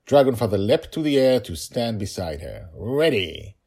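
A man, the author, reading his own story podcast with hurried, chatty asides. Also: fairly low pitch, very animated, warm tone, slightly rough. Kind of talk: storybook narration with casual asides.

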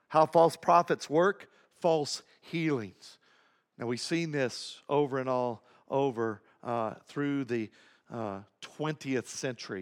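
Preaching a sermon with emphasis, a male pastor repeats his key phrases and alternates between quiet asides and raised points.

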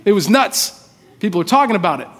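A man's voice: sits high, very animated, fast. A man preaching a sermon as pastor, casual and conversational, with informal asides. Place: church hall. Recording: long reverb of a large hall.

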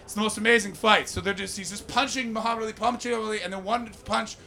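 A man performing a stand-up comedy set on stage before a live audience, profane and animated, teasing the crowd. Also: high voice, quick pace, gravelly.

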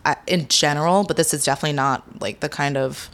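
Low-voiced young woman, candid and hesitant. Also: fairly even intonation, quick pace, a bit bright. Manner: candid, hesitant, with many fillers. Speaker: guest. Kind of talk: casual interview.

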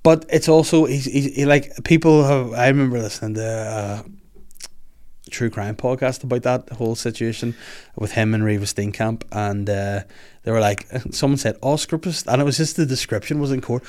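A man's voice: mid-range voice, moderate pace, darkish tone. A young man with a Northern Irish accent hosting a casual podcast, rambling, swearing freely and laughing a lot. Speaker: podcast host. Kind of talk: casual chat.

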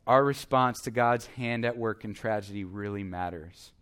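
A man's voice: fairly low pitch, moderate pace, fairly bright tone, clear, resonant tone. A man preaching a sermon as the pastor, earnest and emphatic, repeating his exhortations.

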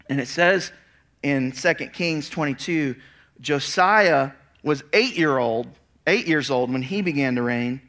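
Bright-voiced preaching man. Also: mid-range voice. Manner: animated storytelling with casual asides; reads scripture aloud, then explains it. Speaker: pastor. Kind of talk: expository sermon.

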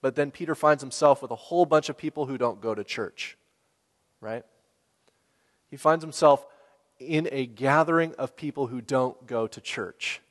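A man preaching a sermon in a relaxed, conversational way, asking the listeners questions and laughing now and then. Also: mid-range voice, normal speed. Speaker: pastor. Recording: long hall reverb.

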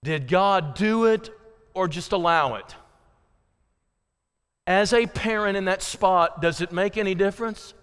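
An American man preaching a sermon as pastor, swinging from loud, rising passion to low, intimate appeals. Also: measured pace, long pauses, smooth. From United States. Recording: hall reverb.

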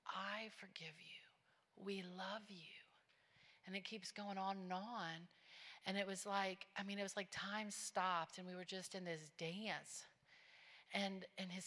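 A woman preacher giving a testimony sermon, telling her story plainly and rising into loud, fervent preaching. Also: fairly low pitch, big-room sound. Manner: storytelling, drops to a hush, then builds to loud preaching.

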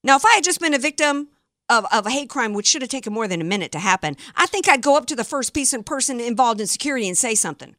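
A woman's voice: on the high side, expressive, quick pace, fairly bright tone, no echo. A woman hosting a talk radio show, delivering an opinionated political monologue with sarcasm and indignation into a close studio mic.

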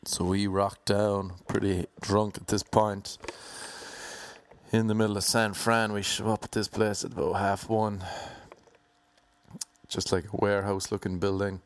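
An Irish man telling a rambling, jokey anecdote in a casual way, now and then slipping into quick mock voices for the people in it. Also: on the low side, little pitch movement. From Ireland. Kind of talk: casual comedic storytelling.

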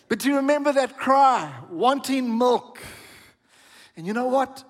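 A middle-aged male pastor preaching with a high, bright-pitched voice, full of storytelling and sudden exclaims to the people in front of him. His voice rings through a church hall with a long reverb tail. He talks warmly and urgently, pushing the congregation to respond. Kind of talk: sermon.

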